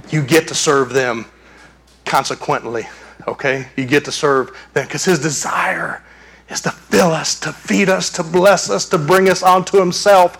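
A man preaching a lively sermon, his voice sitting a little above the usual male range. He tells the story with energy and acts out the screams and shouts of the people in it. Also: fairly high pitch, moderate pace. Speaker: pastor.

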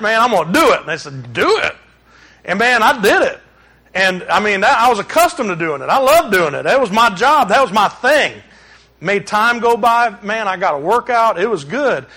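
A man, preaching a sermon and telling personal stories in an animated way, acting out shouts and dialogue. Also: sits high. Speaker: pastor.

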